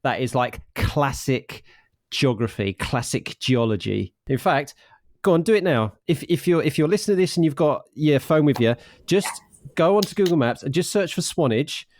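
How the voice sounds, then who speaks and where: A man from the UK hosting a casual podcast interview, talking with animated enthusiasm and frequent restarts. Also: a little high, normal speed, no room sound, clean studio sound. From United Kingdom. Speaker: podcast host.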